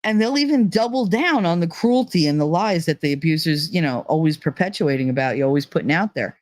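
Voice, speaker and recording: A woman's voice: sits low, expressive, brisk, a little mellow, no room sound. Woman host, casual and blunt, swears freely, laughs often; dry, close recording. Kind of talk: casual chat.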